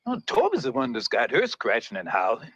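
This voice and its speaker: Tired old enslaved man, husky, lively pitch, dry. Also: fairly quick, dry recording, muffled recording, heavily acted. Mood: resigned. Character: weary older enslaved man.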